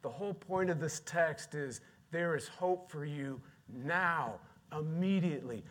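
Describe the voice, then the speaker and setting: A male pastor preaching a sermon, emphatic and repetitive, swinging between quiet, low passages and louder, raised ones. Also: expressive, a little slow. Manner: emphatic, repeats key words, swings from quiet to loud.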